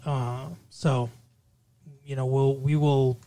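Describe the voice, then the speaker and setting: This is a man at an ordinary middle pitch, co-hosting a relaxed podcast chat. He speaks in halting, stop-start phrases packed with fillers. His jokes land dry and sarcastic. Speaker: podcast co-host.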